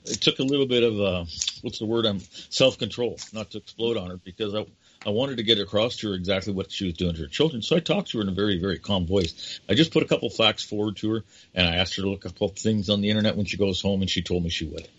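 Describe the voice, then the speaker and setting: A man's voice: lowish voice, quick pace, fairly bright tone, slight background noise. An older man hosting a talk show, rambling and impassioned, often calling his guest by name. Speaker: radio show host. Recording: dull lo-fi audio.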